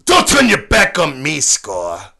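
A man's voice: a little high, wildly swooping pitch, slow, crowd noise. A young man hosting a casual podcast, joking around and breaking into sung bits. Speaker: podcast host.

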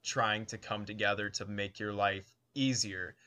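A man's voice: fairly low pitch, fairly even intonation, measured pace, pushed and bright. A young man co-hosting a casual chat, speaking thoughtfully and searching for the right words. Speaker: podcast co-host.

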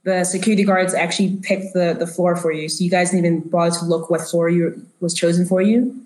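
A woman's voice: lowish voice, fairly even intonation, fairly quick, a little mellow. A woman narrating a tabletop role-playing game as game master, with a loose, descriptive manner full of fillers. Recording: roomy echo.

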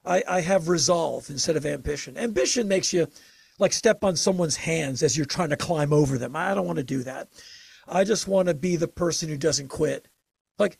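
An older man telling stories in a casual interview, emphatic and animated, with sudden bursts of energy. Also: fairly high pitch, normal speed, gravelly, slightly rough, no echo. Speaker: interview guest.

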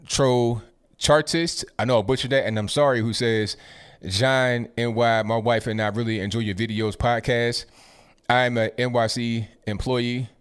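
A man in his twenties or thirties hosting a political commentary livestream reads viewer messages one by one in an everyday mid-pitched voice. He tosses in quick, casual reactions after each, speaking close to a desktop mic.

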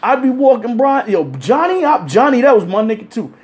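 A man telling crude stories in casual chat, animated and acting out the people he quotes. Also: extremely high pitch, brisk. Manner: animated, acts out quoted voices. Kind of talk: casual profane storytelling.

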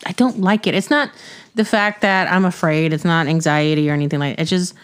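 A woman's voice: fairly low pitch, fairly quick, clean tone. Ranting middle-aged woman podcaster. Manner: ranting, blunt, laughs often. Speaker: podcast host. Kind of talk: casual chat.

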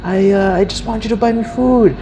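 A man's voice: high voice, creaky, mellow, slight background noise, voice pushed up. A man voicing a hungry male street beggar who pleads insistently and repeats himself. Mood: pleading. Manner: pushy, insistent, rapid repeats.

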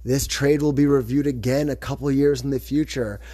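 A man's voice: mid-range voice, steady tone, moderate pace, warm tone, dry recording, studio quality. A man hosting a podcast, chatting casually in a rambling, self-correcting way. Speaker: podcast host. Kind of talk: casual chat about fantasy football.

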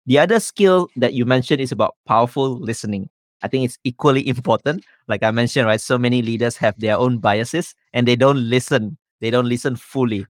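A man hosting an interview, thanking his guest and putting the next question to him in a measured way. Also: medium pitch, no room sound, studio quality. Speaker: interview host.

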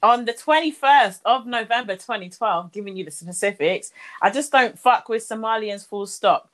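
A woman's voice: a little high, moderate pace, a bit bright, rough recording. A woman co-hosting a casual podcast, reading posts aloud with wry, matter-of-fact asides. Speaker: podcast co-host.

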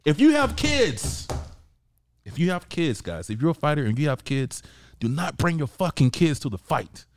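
A man co-hosting a sports podcast, talking in an excitable, profane rant. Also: a little high, moderate pace, no echo, studio quality. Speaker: podcast co-host. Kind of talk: casual sports chat.

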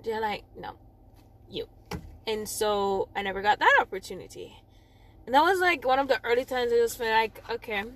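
A young Jamaican woman with a Jamaican accent, talking casually about her own past. Her voice sits a little high, and she rambles, doubles back to correct herself and laughs at her own slips. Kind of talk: casual personal storytelling.

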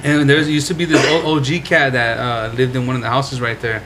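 A young man co-hosting a podcast, telling stories in a slangy, profane, animated way. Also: mid-range voice, fairly quick, background noise. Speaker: podcast co-host. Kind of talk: casual chat, storytelling.

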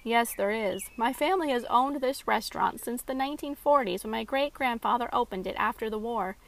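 A woman voicing a kindly middle-aged restaurant owner, telling his family story calmly. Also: on the high side, fairly quick, vocal fry, slight background noise, poor audio.

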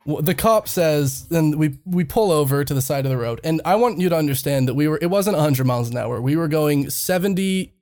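A young man with a fairly high, darkish voice is casually telling a funny story on a podcast. As the host, he swears freely and laughs often while he talks.

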